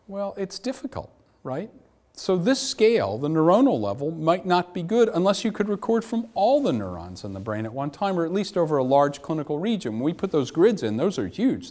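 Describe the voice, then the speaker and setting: A middle-aged man giving a conference lecture in an animated, anecdotal way with wry asides. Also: medium pitch. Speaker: academic lecturer. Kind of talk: conference talk. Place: lecture hall.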